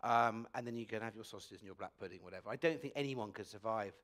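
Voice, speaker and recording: A man's voice: fairly low pitch, fast talker, fairly bright tone. Chatty English man with wry asides. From England. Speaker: food critic and festival guest. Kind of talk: onstage festival conversation. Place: festival stage before an audience.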